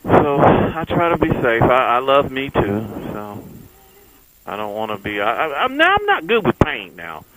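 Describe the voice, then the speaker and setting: A man's voice: mid-range voice, huge pitch swings, moderate pace, a bit bright, slight background noise, poor audio. A man, a motorcycle vlogger talking casually to viewers while riding his bike on the freeway, folksy and chatty. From Texas. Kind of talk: casual riding vlog chat.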